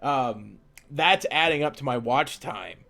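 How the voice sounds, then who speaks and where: A man's voice: mid-range voice, lively intonation, unhurried, gravelly, pushed and bright. A young man live-streaming while he draws, chatting casually and rambling as he answers viewer questions.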